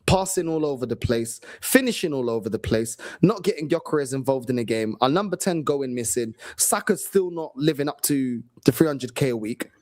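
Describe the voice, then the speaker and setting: A man's voice: medium pitch, animated, normal speed, hardly any pauses, darkish tone. A man reviewing a match as a fan, listing his team's problems point by point. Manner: critical, lists problems point by point. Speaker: fan channel co-host.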